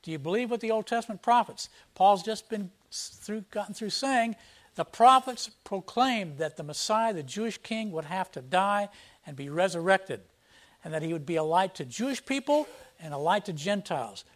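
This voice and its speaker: Guy with a high voice preaching, reads the verses out loud with force then explains them plainly. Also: expressive, moderate pace. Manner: emphatic, reads scripture aloud with rising force. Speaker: pastor. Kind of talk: expository sermon.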